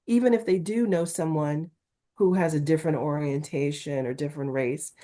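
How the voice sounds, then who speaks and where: A middle-aged woman from Newark speaks as an interview guest. Her voice sits low and mellow, yet she has a Valley-girl-like lilt. She talks in an animated, emphatic way. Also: normal speed. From Newark, New Jersey, USA. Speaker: talent agent guest. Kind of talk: candid interview conversation.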